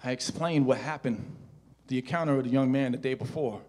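A male pastor preaching a storytelling sermon, swinging between hushed, intimate passages and loud, shouted exhortation. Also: medium pitch, a little fast.

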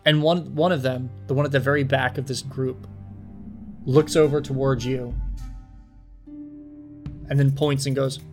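A man running a tabletop game as game master, narrating scenes in a measured, descriptive way with small fillers. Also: medium pitch, steady tone, a little mellow, soft background music.

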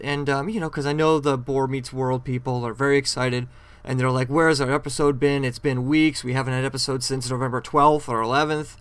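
A man's voice: mid-range voice, a little fast, fairly bright tone, dry recording. A man hosting a podcast on his own, recapping a TV episode in a rambling, chatty way with frequent self-corrections. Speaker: podcast host.

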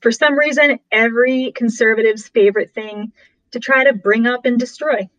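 A woman co-hosting a podcast in casual chat, agreeable and quick to laugh. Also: a little high, steady tone, dry recording, dull audio. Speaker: podcast co-host.

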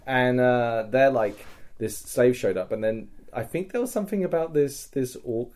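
A man's voice: mid-range voice, moderate pace. A man on a podcast, animatedly telling a story about a live-action role-play event, swearing often. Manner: animated and sweary, with frequent laughs and restarts. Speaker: podcast guest.

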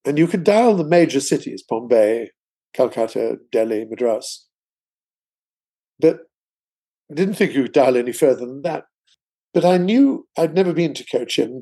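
A man's voice: mid-range voice, mellow, husky. An older man, a guest author, telling a long anecdote in conversation, rambling with many asides. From England. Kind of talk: storytelling in conversation.

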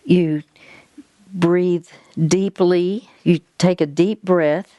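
A woman's voice: lowish voice, fairly even intonation, extremely slow, warm tone, no room sound. A woman hosting an advice talk, patiently guiding a caller step by step. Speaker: host giving faith-based advice.

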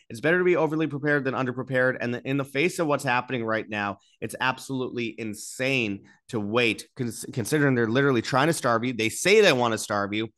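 Emphatic, mocking male commentator. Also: fairly bright tone. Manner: emphatic, mocking, with bursts of raised pitch. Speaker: host. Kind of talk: commentary reading news articles.

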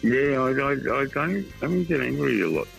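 A man's voice: medium pitch, lively intonation, normal speed, vocal fry, a bit bright, soft background music, rough recording. A middle-aged Australian man, a football writer guest, chatting bluntly in a casual interview and telling emotional stories with lots of repetition.

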